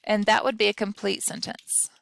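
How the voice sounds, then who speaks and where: Woman instructor, unhurried patient explainer, slight vocal fry, dry close recording. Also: medium pitch, level tone, a bit bright, dry recording. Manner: patient, explanatory, talks through examples aloud. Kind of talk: recorded grammar lesson.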